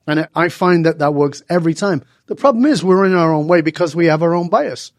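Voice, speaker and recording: Animated storyteller man in his 60s. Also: on the high side, fairly quick, no room sound, studio quality. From Northern England. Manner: acts out dialogue with lively voice changes. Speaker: guest.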